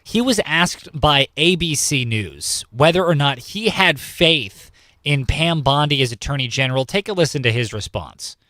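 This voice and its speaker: A man hosts a morning news talk show, chatting casually with his co-hosts between clips. His voice sits a bit high, and the studio sound is close and dry. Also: animated, moderate pace, sharp tone, dry recording. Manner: conversational, reads listener prompts. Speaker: radio news host. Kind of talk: casual talk radio chat.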